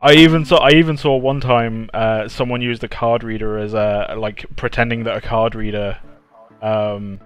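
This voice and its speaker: A man's voice: fairly low pitch, fairly even intonation, moderate pace, clear, resonant tone, faint music behind. A man co-hosting a live art stream, chatting casually with many restarts and frequent laughter. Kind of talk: casual chat.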